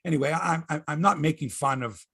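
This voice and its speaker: A man's voice: a little high, fairly quick, vocal fry, fairly bright tone, husky, dry recording, studio quality. A man from Canada hosting a casual sports chat, profane and ranting, often repeating himself. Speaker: sports show host.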